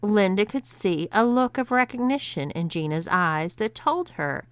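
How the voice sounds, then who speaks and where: A woman narrating an erotic audiobook in a measured, steady storytelling manner. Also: mid-range voice, smooth, no echo.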